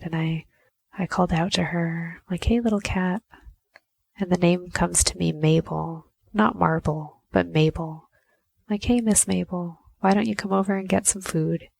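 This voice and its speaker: A woman's voice: fairly low pitch, gravelly, darkish tone, breathy edge, no room sound. A woman podcast host telling a personal story in a conversational way, often saying "you know.".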